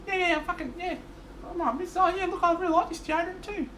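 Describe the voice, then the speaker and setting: A man imitating a clueless, cheerful young friend in a very high, goofy, drawling voice. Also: fast talker, a bit bright, slight background noise. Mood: dopey delight. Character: dopey cheerful young male travel mate.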